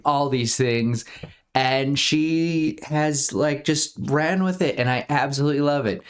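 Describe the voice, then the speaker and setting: Woman in her thirties, podcast co-host, casual rambling chat, upbeat, laughs a lot. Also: extremely low pitch. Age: 30s. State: out of breath.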